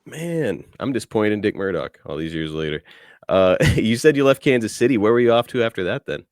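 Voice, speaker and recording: A man's voice: on the low side, animated, fairly quick, no room sound, studio quality. A man hosting a podcast, asking eager casual questions with swearing and laughs. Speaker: podcast host. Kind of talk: casual interview chat.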